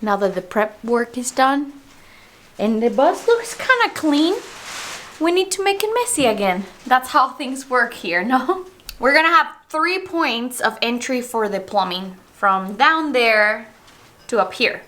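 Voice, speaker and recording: A woman's voice: on the high side, big pitch swings, a little slow, fairly bright tone. A young woman vlogging casually from inside a bus she is converting, playful and laughing often. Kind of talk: casual chat to camera. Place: inside a school bus under construction.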